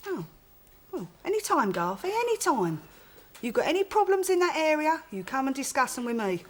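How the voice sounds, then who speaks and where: Brief: a sardonic auntie, rather high, lively delivery. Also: female voice, moderate pace, slight background noise. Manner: wisecracking, sarcastic. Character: sardonic, bawdy London woman, the boy's auntie.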